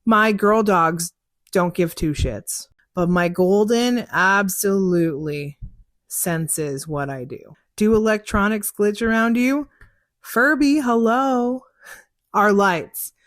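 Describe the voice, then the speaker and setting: A young woman, host of a psychic podcast, takes listener questions from a car, speaking candidly about her psychic work, laughing often and acting out exchanges. Her mid-range voice moves slowly, recorded at studio quality with no room sound.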